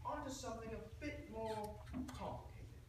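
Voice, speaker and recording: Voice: medium pitch, normal speed, lightly acted. A performer playing a pompous, self-important accent coach who lectures in a put-on British accent, with theatrical, condescending asides. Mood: mock-serious. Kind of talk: humorous interpretation performance. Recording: echoey room, from far off, noisy.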